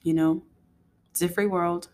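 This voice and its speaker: Chatty young woman, low-pitched. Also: steady tone, unhurried, warm tone. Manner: chatty, laughing asides, quoting herself scolding her son. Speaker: podcast host. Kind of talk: casual storytelling monologue.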